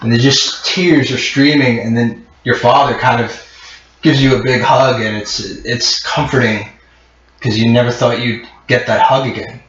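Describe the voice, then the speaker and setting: A man's voice: medium pitch, steady tone, normal speed, fairly bright tone. A man narrating a tabletop game as game master, rambling with many fillers. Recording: muffled echoey room.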